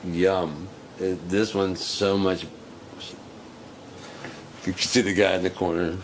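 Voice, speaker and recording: A man's voice: deep voice, flat delivery, slow pace, slight background noise. A man giving casual reaction commentary on a video, rambling, giggling and swearing, with music playing in the background.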